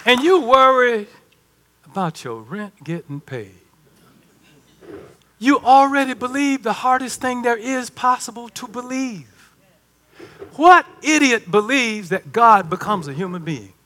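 A man preaching a sermon in a folksy, conversational way, swinging from hushed asides to emphatic calls. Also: extremely high pitch, animated, measured pace, pauses often. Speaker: pastor.

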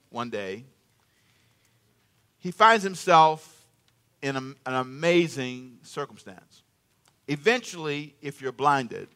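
A man preaching a sermon in church, telling stories with jokes and acting out the characters. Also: mid-range voice. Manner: animated storytelling, acts out the king and Haman; jokes with the congregation and laughs. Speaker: pastor.

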